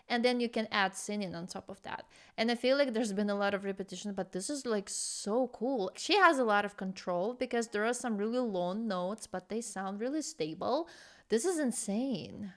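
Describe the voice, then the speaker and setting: A young adult woman, a vocal coach, reacting with excitement and explaining singing technique. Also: medium pitch, clean tone. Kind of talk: reaction commentary. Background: faint rock music.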